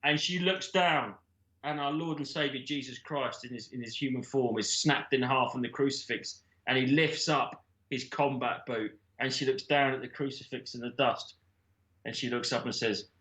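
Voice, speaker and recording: A man's voice: mid-range voice, fairly even intonation, moderate pace, a bit bright, echoey room. A man, a comedian guest, rambling through an improvised comic story with swearing. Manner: rambling, swearing, laughing a lot.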